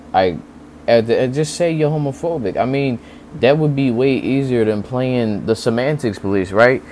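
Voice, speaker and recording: Low-voiced man ranting, profane and incredulous. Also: darkish tone, slight background noise. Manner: profane, incredulous, rambling with many fillers. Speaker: commentary vlogger. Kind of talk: casual ranting commentary. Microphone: desk mic near a fan.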